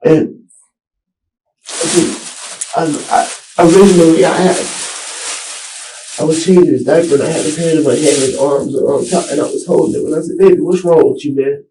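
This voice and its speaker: A man's voice: fairly high pitch, steady tone, warm tone, slight background noise. Rambling man in an echoey interview room. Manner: rambling, halting, restarts with "you know what I'm saying". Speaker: suspect being interviewed by detectives. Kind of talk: recorded police interview.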